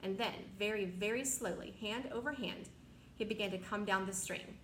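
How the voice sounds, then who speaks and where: A woman reading a children's novel aloud as narrator, with steady, expressive storytelling. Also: mid-range voice, moderate pace. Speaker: reader. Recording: echoey room, faint noise.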